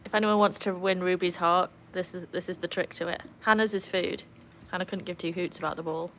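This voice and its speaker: A woman chatting casually on a livestream from beside a backyard pool, breaking into a high sing-song voice to praise her dog. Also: steady tone, brisk, few pauses, a bit bright, slight background noise. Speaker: livestream host and dog owner. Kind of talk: casual live chat. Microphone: phone.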